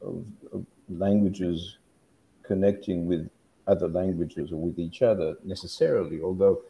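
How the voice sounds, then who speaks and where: A man's voice: low voice, steady tone, moderate pace, gravelly, dark tone, a little hiss or hum, rough recording. A man in a conversational academic discussion, thinking aloud as he explains his views on language teaching.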